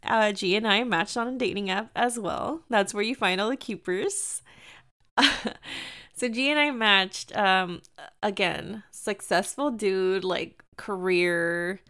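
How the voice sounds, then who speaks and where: A young woman casually telling a dating story, chatty and full of "like", acting out quoted lines in a higher voice. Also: takes it slowly, fairly bright tone. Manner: chatty, fillers "like" constantly, acts out quotes in higher pitch. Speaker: storyteller sharing dating experiences.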